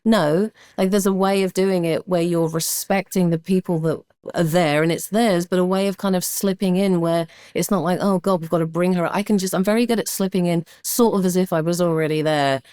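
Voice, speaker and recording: A woman's voice: fairly low pitch, a little fast, hardly any pauses, smooth, no echo, studio quality. A middle-aged woman, chatting casually as a guest and acting out stories. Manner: animated storyteller, acts out voices. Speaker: guest actor. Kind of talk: casual chat.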